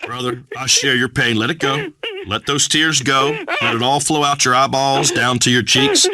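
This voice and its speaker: A man's voice: mid-range voice, fairly even intonation, normal speed, a crowd in the background, close to an everyday voice. A man voicing a brash, pompous redneck talk radio host, middle-aged, holding forth on air in a scripted comedy bit. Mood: blustering. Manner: blustering, pompous pronouncements.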